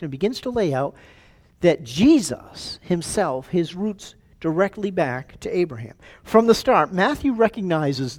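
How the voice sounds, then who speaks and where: A man preaching a sermon as pastor, animated and calling out to his congregation, often repeating himself as he goes. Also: a little high. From United States. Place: church sanctuary.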